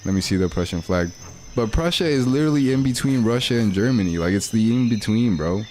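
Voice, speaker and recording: A man's voice: lowish voice, expressive, fairly quick, mellow, slight background noise. A young man, chatting casually and rambling in slang while livestreaming a game. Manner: slangy, rambling, laid-back. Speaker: streamer.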